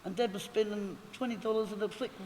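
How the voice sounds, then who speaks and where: A woman's voice: mid-range voice, fairly even intonation, fast talker, a little mellow. A middle-aged Australian woman giving a rambling, chatty eulogy at a funeral and laughing through her stories. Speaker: eulogy speaker. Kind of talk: funeral eulogy, anecdotal storytelling. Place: funeral hall. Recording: echoey hall with faint noise.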